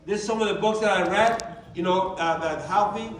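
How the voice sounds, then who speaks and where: A man's voice: high voice, brisk. A man presenting a motivational workshop to a live group, talking in a conversational, emphatic way and asking many rhetorical questions. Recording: echoey room, mic at a distance.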